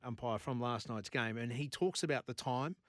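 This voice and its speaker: A man's voice: mid-range voice, no room sound. A man, hosting a morning radio show in a chatty, storytelling way. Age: 40s. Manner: chatty storyteller, quick asides and laughs. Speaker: radio host. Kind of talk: casual radio chat. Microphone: studio microphone.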